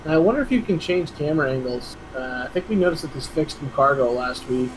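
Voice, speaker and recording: A man's voice: fairly high pitch, animated, fast talker. Casual male race caller, laughs easily, noisy stream audio. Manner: chatty, laughs easily, restarts mid-sentence. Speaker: race commentator. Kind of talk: esports race commentary.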